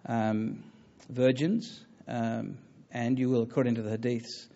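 Man, lecturer, earnest, halting, many fillers, mid-pitched voice, muffled recording. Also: level tone, gravelly, dark tone. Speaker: lecturer on religion. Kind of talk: public talk with audience questions.

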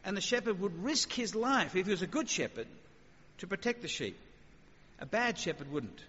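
A man with a fairly high voice preaches in a chatty, lively way and keeps asking rhetorical questions. His words ring out with a long hall reverb, and the sound is a little dull and muffled. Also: normal speed, slightly rough. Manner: conversational, animated, rhetorical questions. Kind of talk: sermon.

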